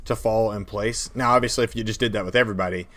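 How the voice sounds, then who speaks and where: A relaxed man talking through game-master tips on a home podcast mic. His voice sits a little low, and he rambles loosely, laughing easily between thoughts. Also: fast. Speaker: podcast co-host. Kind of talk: casual chat about tabletop games.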